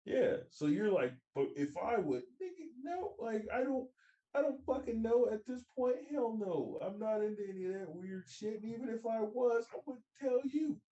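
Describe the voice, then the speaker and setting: A man's voice: high voice, animated, normal speed, dark tone, roomy sound, lo-fi sound. A young man hosting a podcast, talking bluntly and profanely in casual banter and laughing as he talks. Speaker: podcast host.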